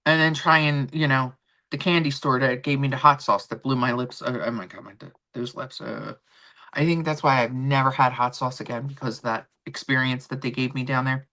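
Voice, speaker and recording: A woman's voice: very deep voice, steady tone, moderate pace, pushed and bright. A middle-aged woman with a Philadelphia accent from Kensington, rambling in casual chat as host of her own show. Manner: rambling, chatty, talks to her pets mid-stream. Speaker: vlog host.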